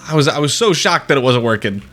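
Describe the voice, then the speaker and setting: A man's voice: medium pitch, expressive, quick pace, a bit bright. A young man commenting on his live game stream in a playful, joking, mock-dramatic way. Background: faint game music.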